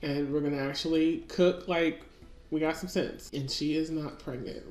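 A woman's voice: low-pitched, fairly quick, a little mellow. A woman casually commenting on her gameplay and talking to her characters. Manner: chatty, talks to her game characters. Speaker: let's-play gamer. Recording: echoey room with faint music.

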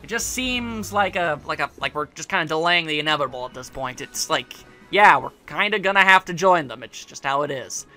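A man's voice: on the high side, expressive, brisk, pushed and bright, faint music behind. A man giving casual let's play commentary, rambling and sarcastic, joking at the game's characters.

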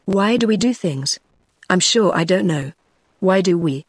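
A woman's voice: lowish voice, animated, measured pace, breathy edge, no echo, studio quality. A synthetic British-accented woman's voice reading the lines of a jolly, teasing young widow in an audiobook, with no change of voice.

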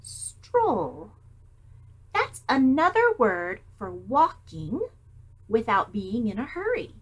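Woman, storytime reader, slow, husky, very lively pitch. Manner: animated, child-directed, asks questions. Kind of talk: reading a picture book to children.

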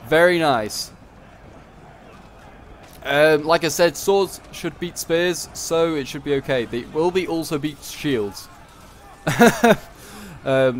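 A man with a fairly high-pitched voice rambles casually through commentary on a strategy game battle, correcting himself and tossing in joking asides. There's slight background noise.

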